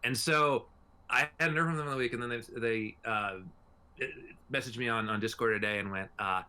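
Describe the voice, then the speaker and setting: A man's voice: medium pitch, steady tone, moderate pace, pushed and bright, smooth. A man hosting a podcast in casual group chat, rambling with frequent fillers and laughs. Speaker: podcast host.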